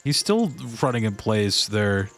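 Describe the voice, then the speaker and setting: Laid-back gamer dude commentating. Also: male voice, fairly low pitch, big pitch swings, measured pace, a bit bright, soft background music. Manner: laid-back, slangy, says "dude" often. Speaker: streamer. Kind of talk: live gameplay commentary.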